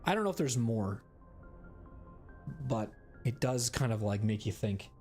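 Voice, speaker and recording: A man's voice: medium pitch, lively intonation, measured pace, darkish tone, faint music behind. A man streaming a video game, chatting casually in a rambling, cursing way. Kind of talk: casual gaming commentary.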